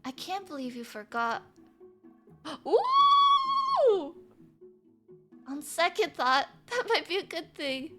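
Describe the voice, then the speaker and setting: A woman voicing a soft-spoken young student council president, a gentle childhood friend in a dating game. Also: sits high, animated, a little slow, music in the background. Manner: soft, gentle, a little scolding.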